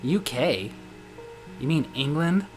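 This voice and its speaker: A man's voice: a little high, animated, takes it slowly, over music. A man voicing a sweet, clueless young woman who asks naive questions in an airy way.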